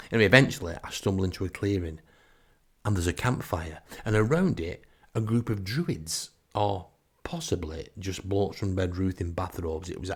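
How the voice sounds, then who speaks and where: A middle-aged man with a Northern English accent, telling a comic first-person story in a wry, exasperated, deadpan way. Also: low-pitched, vocal fry, breathy edge. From Northern England. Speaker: podcast storyteller.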